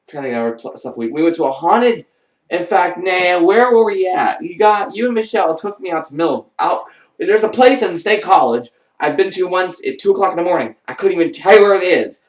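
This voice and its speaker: A man rambles through a wild true story in a loose, lively vlog voice. He sits back from the mic, and the room rings around him. He keeps jumping into other people's voices along the way. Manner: animated, rambling, acts out quoted voices with big pitch jumps. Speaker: vlogger. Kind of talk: casual first-person storytelling. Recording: roomy and distant from the mic.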